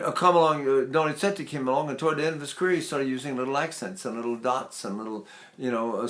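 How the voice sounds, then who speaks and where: A man's voice: medium pitch, a bit bright. An older man teaching vocal technique, explaining in a loose, chatty way and singing short demonstrations.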